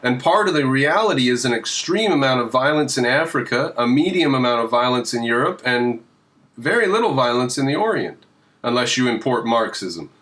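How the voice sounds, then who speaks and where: A man speaks in a casual debate call. He lays out his claims bluntly and flatly, without hedging. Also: mid-range voice, fairly quick.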